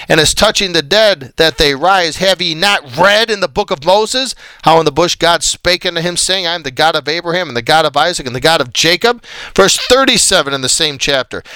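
A man's voice: on the high side, pushed and bright, no echo. Exasperated scolding male preacher. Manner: exasperated, scolding, reads scripture aloud. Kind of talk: combative Bible study sermon.

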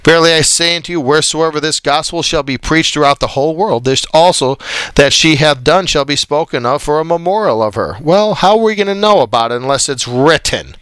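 A man's voice: a little high, animated, brisk, a bit bright, clear, resonant tone, dry recording. Exasperated scolding male preacher. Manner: exasperated, scolding, reads scripture aloud. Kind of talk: combative Bible study sermon.

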